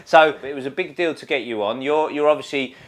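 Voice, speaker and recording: A man's voice: mid-range voice, fairly quick. A man interviewing a guest in a casual, jokey, encouraging way with plenty of banter.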